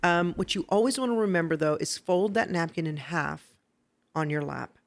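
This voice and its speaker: A woman hosting a podcast who teaches etiquette step by step, checking in with "okay?" and getting lively and laughing when she tells stories. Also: on the low side, normal speed, creaky. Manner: instructive, explains step by step with "okay?" and "right?". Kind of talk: casual podcast chat. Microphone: podcast microphone.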